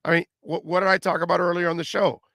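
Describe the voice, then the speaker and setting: A man's voice: high voice, flat delivery, fast, creaky, pushed and bright, no room sound, studio quality. A man hosting a sports radio show, talking casually with fillers and repeated words.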